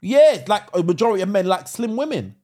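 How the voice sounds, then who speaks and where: A man's voice: high-pitched, very animated, brisk, dark tone. A man co-hosting a podcast, teasing and arguing in casual banter, often cutting in. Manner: interrupting, teasing, argumentative. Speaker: podcast co-host.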